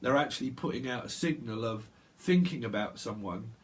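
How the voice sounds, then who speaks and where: A man's voice: mid-range voice, expressive, moderate pace. A man giving a solo tarot reading, talking in a loose stream of consciousness, repeating sounds and laughing to himself. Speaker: tarot reader. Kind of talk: rambling intuitive tarot monologue. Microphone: solo video recording.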